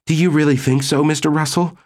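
A man voicing an excitable, zealous woman in an audiobook, speaking in a high, fervent, exclamatory way. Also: moderate pace, natural voice. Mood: faltering.

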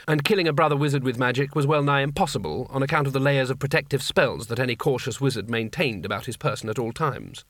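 A man's voice: medium pitch, quick pace, few pauses, fairly bright tone, no echo. Man narrating a comic fantasy audiobook. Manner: dry, wry storytelling. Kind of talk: scripted narration.

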